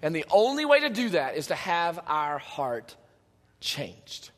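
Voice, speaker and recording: A man preaching a sermon in a conversational, animated way, with joking asides to his congregation. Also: a little high, measured pace, long reverb tail. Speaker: pastor. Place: church sanctuary.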